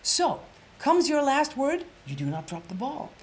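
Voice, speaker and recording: A woman presentation coach giving an energetic storytelling workshop lecture, repeating phrases and dropping to an emphatic whisper on key points. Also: sits high, a little slow.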